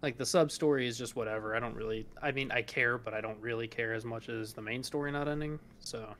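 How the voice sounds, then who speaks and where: A man's voice: medium pitch, fast, a bit bright, slight background noise. A man co-hosting a podcast in casual chat, rambling along, laughing and swearing as he talks. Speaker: podcast co-host.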